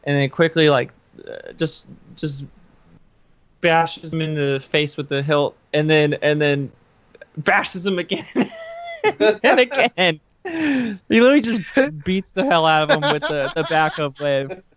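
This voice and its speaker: A player in a tabletop role-playing game, talking in a brash, excitable way and stumbling over words. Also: mid-range voice, a little slow, clean tone, no room sound, highs cut off. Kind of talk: in-character tabletop role-play.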